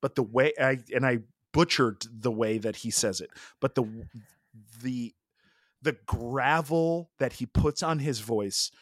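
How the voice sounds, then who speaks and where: A man co-hosting a podcast in casual sports chat, telling stories in an animated way with lots of "like" fillers. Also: medium pitch, unhurried, dry recording, clean studio sound. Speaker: podcast co-host.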